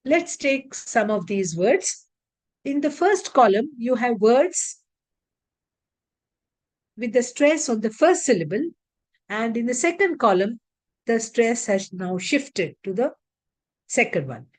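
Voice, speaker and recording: A woman gives an English pronunciation lesson over a video call. Her pitch sits a little high and moves a lot. She talks slowly and deliberately as she reads out lists of words. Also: sing-song. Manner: slow, deliberate, reads word lists aloud. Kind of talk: online lecture on word stress.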